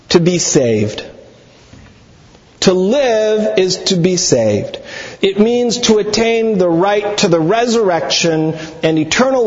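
A man preaching a sermon, teaching deliberately, quoting scripture and slowing down on key words. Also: high voice. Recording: echoey hall, dull sound.

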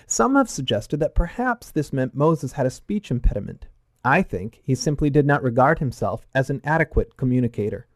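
A man giving a measured, earnest teaching talk with touches of wry humor. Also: mid-range voice, no room sound, clean studio sound.

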